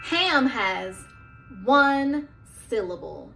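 A woman's voice: sits high, expressive, pushed and bright, a little hiss or hum. A woman teaching young children, drawing out her words and prompting them to repeat and answer. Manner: slow, drawn-out teacher talk with prompts for kids. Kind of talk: children's lesson.

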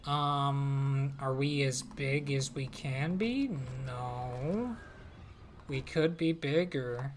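A woman's voice: a bass voice, very slow, a little hiss or hum. A woman streamer giving casual, playful commentary as she plays a strategy game, talking to her units and laughing.

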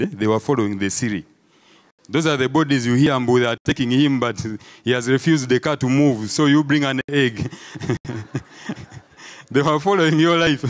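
A man with a Ugandan English accent performs a live stand-up comedy set. He tells his stories with animated energy, plays the voices of onlookers, and keeps checking in with the audience. His voice sits at an ordinary middle pitch for a man. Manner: animated storytelling, acts out crowd voices, peppered with "eh?".

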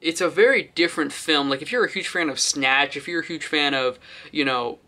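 A man's voice: on the high side, a little fast, pushed and bright. A young man casually reviewing a movie on his channel, rambling with lots of fillers and restarts.

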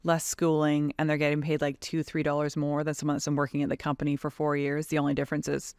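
Frank, animated woman with a gravelly edge. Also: sits low, quick pace, dry recording, clean studio sound. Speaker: guest, tradeswoman and advocacy leader. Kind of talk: casual podcast conversation.

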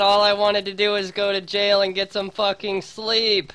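A man's voice: high voice, completely flat delivery, moderate pace, hardly any pauses, pushed and bright, clean tone. A man streaming a role-play game, complaining melodramatically and swearing a lot. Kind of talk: casual role-play chat.

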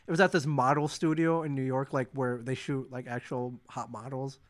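A man's voice: mid-range voice, fairly even intonation, moderate pace. A man co-hosting a podcast in casual chat, joking, teasing and rambling. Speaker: podcast co-host.

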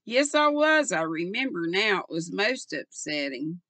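A woman's voice: on the low side, a little slow, dry recording. Older woman reading as a cool, amused young woman. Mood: composed. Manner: calm, guarded, faintly amused.

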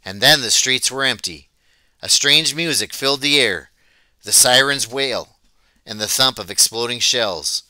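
A man reading a novel aloud as an audiobook, telling it in a plain, steady way. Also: mid-range voice, measured pace, no echo. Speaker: audiobook reader. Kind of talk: storybook read-aloud narration.

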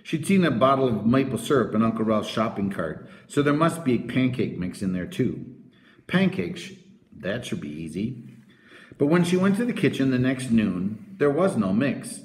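A man narrates a children's novel with expressive storytelling. His pitch is lively and varied, and the recording has a noticeable roomy echo. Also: normal speed. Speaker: audiobook narrator.

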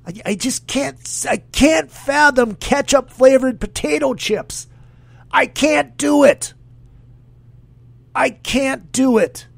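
Crude jokey podcast guy, high and gravelly, dry close mic. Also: slow pace, no echo. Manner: rambling, crude, jokey, reads chat comments aloud. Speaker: podcast host. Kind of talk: casual solo podcast chat.

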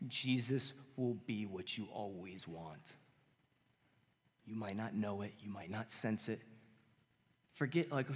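A man's voice: fairly low pitch, lively intonation, measured pace, long pauses. A man in his thirties preaching in a casual, earnest way with self-deprecating humor. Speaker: pastor. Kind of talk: sermon. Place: church sanctuary. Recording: long church hall reverb with guitar underneath.

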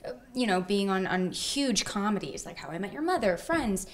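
A woman's voice: mid-range voice, animated, moderate pace. A woman, an actress guest, chatting casually in an interview and telling stories with giggles.

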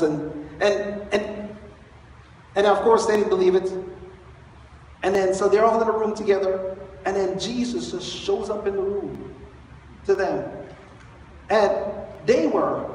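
Man pastor, sermon, high voice, booming echo, distant from the mic. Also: a little hiss or hum. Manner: animated storytelling, chuckling often. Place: church sanctuary. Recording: echoey hall, far from the mic.

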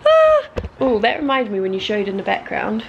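A woman's voice: medium pitch, creaky, dull audio, over a noisy crowd. Chatty young New Zealand woman vlogging. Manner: chatty, giggly, quick to exclaim. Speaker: vlogger co-host. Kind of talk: casual chat.

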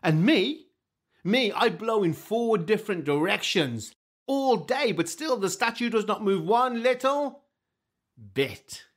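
A man's voice: high voice, animated, slow, pitched above the performer's own voice, full character voice. A male storyteller voicing the wind as an emphatic, boastful figure in a told story. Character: boastful wind that blows every way.

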